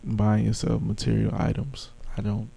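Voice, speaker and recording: A man's voice: fairly low pitch, completely flat delivery, moderate pace, creaky, mellow, husky. A man co-hosting a casual podcast, speaking in an easygoing, mildly profane way. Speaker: podcast co-host.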